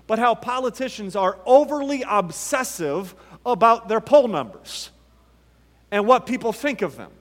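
Male pastor from the U.S., high-pitched, measured sermon delivery, long reverb of a big sanctuary. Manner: emphatic, repeats rhetorical questions with dramatic pauses. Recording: long reverb from a large hall.

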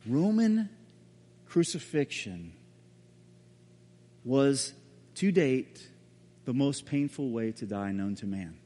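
A man preaching a sermon as a pastor, telling the story dramatically and often dropping to a hushed voice. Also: mid-range voice, big pitch swings, takes it slowly, long pauses. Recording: reverberant hall.

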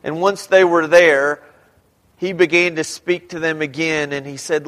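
A man's voice: fairly high pitch, steady tone, measured pace, a bit bright. A man preaching a sermon, reading scripture aloud and asking his congregation questions as he explains it. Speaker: pastor. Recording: long hall reverb.

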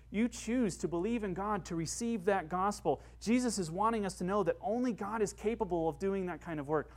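A man preaching a sermon with passion, rising to emphatic peaks. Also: high-pitched. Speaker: pastor.

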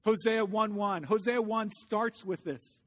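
A male pastor delivers a sermon in a notably high-pitched voice. He speaks earnestly and slows his pace when reading scripture. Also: fairly bright tone.

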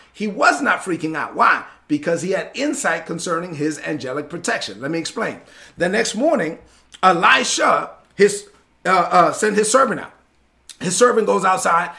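High, gravelly-voiced preacher. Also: male voice, lively intonation, a little fast, sharp tone. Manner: emphatic, repetitive preaching cadence. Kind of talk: sermon.

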